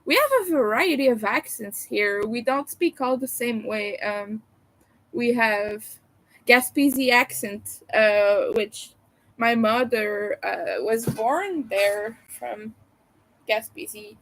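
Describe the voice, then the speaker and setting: A woman with a Quebec French accent chats on a live stream at an unhurried, drawn-out pace. Her voice sits somewhat high for a woman, and she wanders through her thoughts with frequent ums and uhs. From Quebec, Canada. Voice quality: meandering, hesitant delivery full of fillers. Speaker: livestreamer. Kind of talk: casual live-stream chat.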